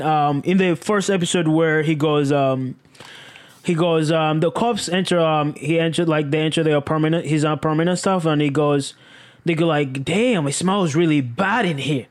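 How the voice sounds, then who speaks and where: A speaker casually recapping a crime show, animated and profane, often jumping to high exclaims. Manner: animated, swearing, exclamatory, with sudden leaps in pitch.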